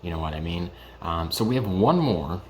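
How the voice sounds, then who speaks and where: A man's voice: deep voice, expressive, normal speed, darkish tone, a little hiss or hum. A young man in his early twenties chatting casually in a home vlog, hesitant and full of ums and restarts. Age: young adult. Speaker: vlogger reviewing whiskey.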